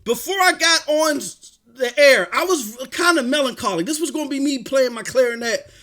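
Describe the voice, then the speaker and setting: A man hosting a live stream, talking excitedly about gaming with frequent shouted bursts. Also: very high-pitched, normal speed. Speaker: livestream host.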